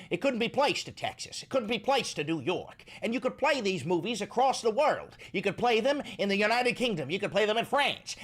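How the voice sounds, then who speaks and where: A man's voice: sits high, fairly bright tone. Profane, ranting streamer guy. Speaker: political commentary streamer. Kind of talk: casual reaction stream.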